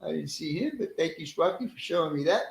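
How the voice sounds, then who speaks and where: A man's voice: on the high side, expressive, fast, vocal fry, echoey room, low-quality recording. A middle-aged man casually hosting a live stream, greeting viewers by name in a friendly, chatty way and laughing easily.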